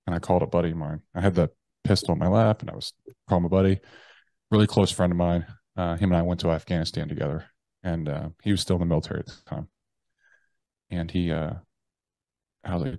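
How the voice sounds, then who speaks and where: His voice sits low and creaky, darkish in tone, with no room sound around it. In an interview, this army veteran shares a personal story in a loose, profane way, peppering it with "like" and "bro" and plenty of curses.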